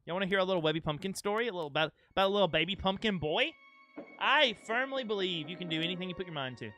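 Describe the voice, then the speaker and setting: Bright-voiced young guy streaming, goofy and chatty, light game music under him. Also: high voice, lively intonation, rapid-fire. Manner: chatty and playful, reads chat aloud. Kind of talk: casual live-stream chat over gameplay.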